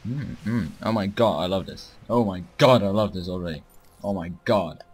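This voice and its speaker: Low-voiced, excitable young gamer. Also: male voice, normal speed, slightly rough. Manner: excitable, profane, shouts at his units. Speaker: gaming channel host. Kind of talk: let's play commentary.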